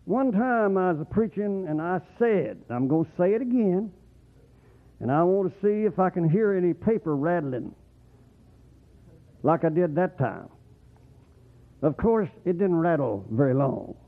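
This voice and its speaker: A man preaching a rambling, folksy sermon, often swooping up into excited whoops. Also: high-pitched, a little slow, long pauses. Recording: tinny phone-like radio broadcast.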